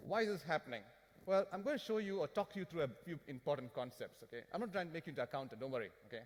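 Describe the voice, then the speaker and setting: A man giving an animated, joking finance seminar talk to a conference audience, firing questions at the crowd. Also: fairly high pitch, very fast. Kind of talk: lively business seminar talk. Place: conference hall. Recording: hall reverb from a conference room.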